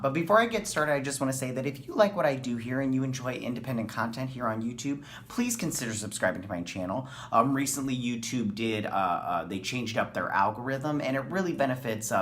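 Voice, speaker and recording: This TV show reviewer, a man whose voice is mid-pitched and a touch bright, hosts an informal episode review. Plenty of ums and uhs fill his rambling, enthusiastic commentary.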